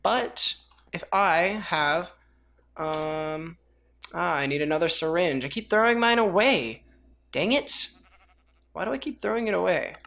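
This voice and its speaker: A woman with a notably deep voice hosts a relaxed game tutorial. She rambles through the steps with offhand, self-mocking humor. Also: unhurried, creaky, long pauses. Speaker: gaming video host. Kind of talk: casual mod tutorial commentary.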